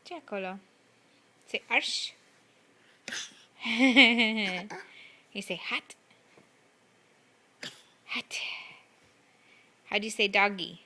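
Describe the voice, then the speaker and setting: A woman's voice: mid-range voice, drawn-out words, long pauses, sharp tone. A mother at home talking to her toddler in a coaxing, sing-song voice. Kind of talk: casual talk to a toddler. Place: at home indoors.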